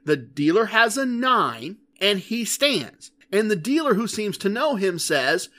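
High-pitched guy hosting a podcast, chatty, wry, laughs at his own story. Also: sing-song, measured pace, pushed and bright. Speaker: podcast host.

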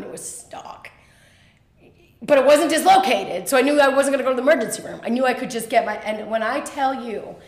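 A woman telling a personal story as a podcast guest, animated and quick, with lots of fillers. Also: on the high side, reverberant.

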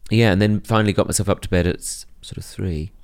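A man co-hosts a casual podcast. His voice is very low. He reacts eagerly to his co-host with effusive little interjections. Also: steady tone, fast, clean tone. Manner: warm reactive listener, gushing interjections. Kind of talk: casual chat.

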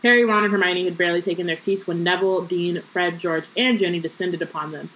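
A woman's voice: on the low side, steady tone, brisk, hardly any pauses, fairly bright tone, low-quality recording. Chatty woman reading aloud with jokey asides. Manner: reads passages then breaks into joking asides with lots of fillers. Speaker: podcast co-host reading aloud. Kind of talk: casual book-club chat with read-aloud passages.

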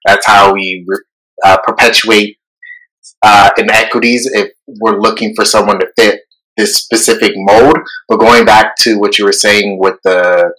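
A man co-hosting a podcast, talking casually and animatedly, jumping up in pitch for emphasis. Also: fairly even intonation, a little slow, bright, forceful tone, rough recording. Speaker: podcast co-host. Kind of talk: casual conversation.

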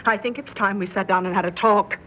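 An actress playing a calm but firm middle-aged mother in a 1950s radio drama. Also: mid-range voice, a little fast, close to an everyday voice. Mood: worried. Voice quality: soothing yet firm. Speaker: mother and wife. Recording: dull old radio broadcast with hiss.

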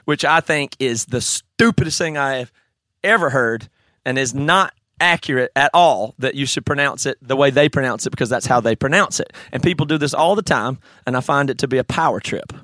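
Bright-voiced Southern man, opinionated. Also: mid-range voice, fairly quick, no echo. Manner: animated, opinionated, laughs often. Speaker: conference guest. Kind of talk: casual conversation.

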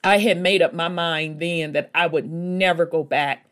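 A woman's voice: lowish voice, fairly even intonation, measured pace. A woman telling a travel story to her viewers in a casual, folksy way, rambling with asides and calling the listener baby and honey. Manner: rambling, with many fillers and asides.

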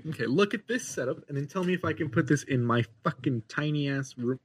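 A man's voice: fairly high pitch, expressive, fast, husky. A man co-hosting a casual podcast chat, joking around, swearing freely and laughing often. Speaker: podcast co-host.

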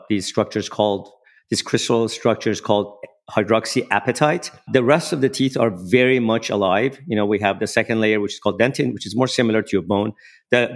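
A man, a dentist guest on a podcast, explaining at length with many fillers and restarts. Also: fairly low pitch. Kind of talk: podcast interview.

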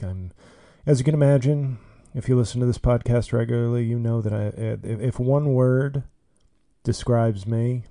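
Ranting man hosting a comedy podcast. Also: mid-range voice. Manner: ranting, sarcastic, animated storytelling. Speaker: podcast host. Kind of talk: casual comedic monologue.

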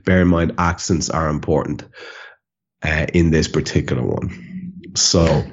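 An Irish man hosting a casual podcast chat, relaxed, stumbling over and repeating words. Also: rumbling low, unhurried, muffled recording. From Ireland. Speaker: podcast host.

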